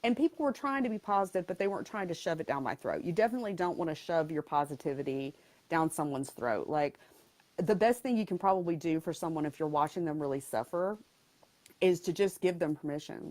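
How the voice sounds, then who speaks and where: A woman's voice: low-pitched, a little mellow. A middle-aged woman coach speaking candidly as an interview guest, frank and blunt with touches of humor.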